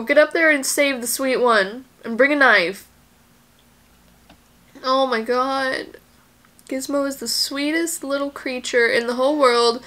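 A woman's voice: fairly high pitch, fairly bright tone. A woman giving casual commentary as she reacts to a movie, exclaiming and gasping at the screen, anxious and near tears for the characters.

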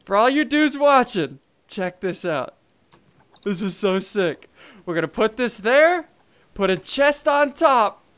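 A young man with a high voice, gaming with a friend on camera. He gets hyped and shouts in bursts, then drops to low, mumbled asides. He sounds casual and playful. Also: very animated, slow pace, clean tone. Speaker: co-host. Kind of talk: excited gaming banter.

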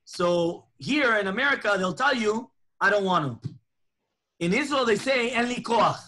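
Speaking at normal speed in a high-pitched voice, a male rabbi gives a lunchtime Torah lesson filled with animated storytelling, acting out each line of dialogue.

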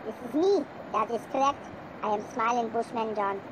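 A performer putting on a lower, slow, formal voice for a creature who gives a warning. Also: over music, lightly acted. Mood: solemn. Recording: noisy home video recording.

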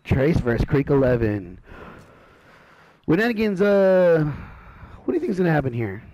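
A man doing casual, excitable commentary on an online game match, with loud exclamations at big plays. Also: medium pitch, fast talker, dry recording.

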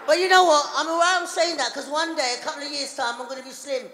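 Female stand-up, high pitch, chatty teasing delivery, long hall reverb. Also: quick pace. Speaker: stand-up comedian. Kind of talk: stand-up comedy set. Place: large hall on stage. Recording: echoey reverberant hall, faint noise.

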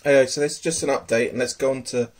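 A man's voice: medium pitch, fairly even intonation, rapid-fire. A man casually showing his pet tarantulas at home, hesitant and full of ums, murmuring fondly to his pets. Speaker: tarantula keeper. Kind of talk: casual hobby video.

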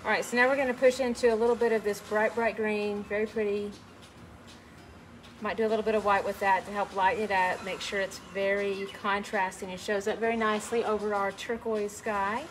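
A middle-aged woman teaching a live online painting class in a gentle, chatty way, greeting viewers by name as she works. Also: medium pitch, flat delivery, fairly quick, a little hiss or hum, poor audio. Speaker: painting instructor.

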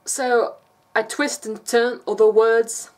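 A woman's voice: fairly high pitch, little pitch movement, takes it slowly, a little mellow. A woman from England with an English accent, chatting casually in a rambling vlog and laughing often. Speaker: vlogger.

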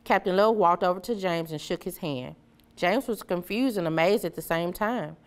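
A woman reading a children's story aloud in a clear, measured way. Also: fairly low pitch. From Memphis area, USA. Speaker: storybook reader.

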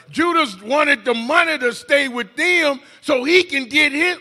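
A man preaching a Mother's Day sermon in church, shouting in bursts, stammering on repeated words and calling out to the congregation. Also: very high-pitched, gravelly. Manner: calls "hello, somebody" to the congregation. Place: church sanctuary.

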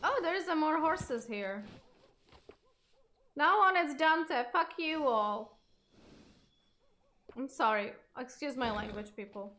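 A woman's voice: high-pitched, animated, slow, pauses often, bright, forceful tone, slight background noise. A woman streaming a game live, talking emotionally to her viewers and swearing freely. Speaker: gaming streamer. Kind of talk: live gameplay commentary.

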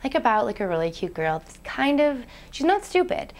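A woman, playing a naive young aspiring actress who rambles with "like" fillers, swinging between hushed whispers and excited outbursts in a comedic web series monologue. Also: on the high side, a little fast. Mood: rambling. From Canada. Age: 20s. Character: ditzy, daydreaming young woman, dreamy and naive.

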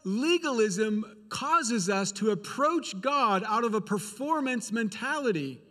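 A man's voice: sits high, expressive, slow pace, a bit bright, big-room sound. A male preacher giving a sermon in a church, speaking earnestly and repeating phrases for emphasis.

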